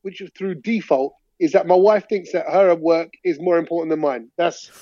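Lively man talking into his phone. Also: on the high side, normal speed, no room sound. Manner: animated storyteller, slangy, laughs while talking. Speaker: podcast co-host. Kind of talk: casual chat. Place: at home. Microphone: talking into a phone over a video chat. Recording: muffled phone-mic audio.

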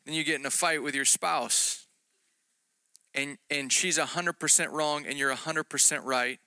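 A man's voice: fairly high pitch, moderate pace, sharp tone, clear, resonant tone, no echo. A man preaching a conversational sermon, telling a story about himself with self-deprecating jokes.

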